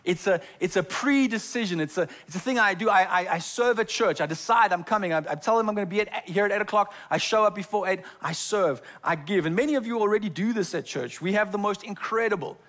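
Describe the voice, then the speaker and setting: A male pastor preaches in a church. His voice sits a little high for a man, and he often trips over repeated words before moving on. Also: quick pace, few pauses, a bit bright. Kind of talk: sermon. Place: church sanctuary.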